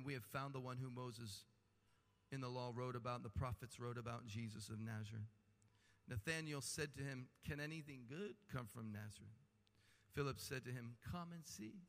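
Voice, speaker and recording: A man's voice: medium pitch, a bit bright. A man preaching a sermon with impassioned delivery and humorous asides, rising and falling in intensity. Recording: long hall reverb.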